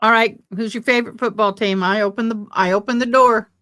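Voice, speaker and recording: A woman's voice: on the high side, steady tone, fairly quick, a bit bright. A woman hosting a casual livestream, chatting and reading out viewer comments. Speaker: livestream host covering a trial. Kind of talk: casual live chat.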